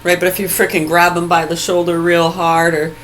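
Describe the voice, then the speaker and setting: A woman with a lowish voice rants into her phone, angry and sarcastic, swearing freely and mocking people as she goes. A faint hum sits behind her. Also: little pitch movement, brisk, a bit bright, low-quality recording. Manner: mocking, with bursts of laughter. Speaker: vlogger. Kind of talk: ranting vlog monologue. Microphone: phone video recording.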